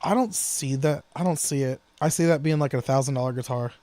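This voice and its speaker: A man co-hosting a casual gear podcast, rambling through quick asides and frequent restarts. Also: medium pitch, darkish tone, dry recording. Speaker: podcast co-host. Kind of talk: casual gear-talk chat.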